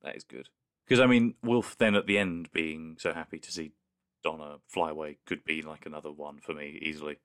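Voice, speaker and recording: Deep-voiced man co-host, chatty and keen. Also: steady tone, fairly quick, a bit bright. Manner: enthusiastic, conversational, hedging. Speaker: podcast co-host. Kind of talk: casual chat.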